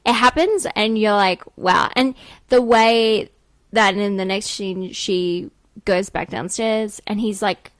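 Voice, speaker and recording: A woman co-hosting a casual film discussion podcast, chatty and quick to jump in. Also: mid-range voice, dry recording. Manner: chatty, trailing interjections. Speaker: podcast co-host.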